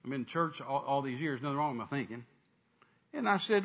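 A man's voice: mid-range voice, expressive, brisk, slightly rough. A man preaching a sermon, retelling a conversation and acting out the dialogue. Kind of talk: sermon storytelling.

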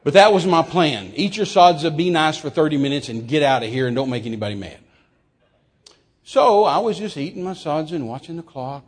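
A man preaching, telling a story in a folksy, humorous and animated way with sudden loud outbursts. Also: on the high side, fairly quick, husky. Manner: animated, folksy, acts out quotes with sudden shouts; humorous, laughs at his own stories. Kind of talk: sermon storytelling.

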